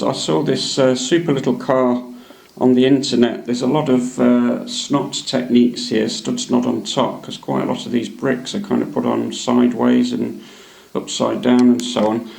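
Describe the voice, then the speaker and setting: Gravelly hobbyist man rambling fondly. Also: mid-range voice, level tone, moderate pace, a little mellow. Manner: chatty, hesitant, many ums and uhs. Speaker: hobby channel host. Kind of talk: casual show-and-tell narration. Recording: echoey room.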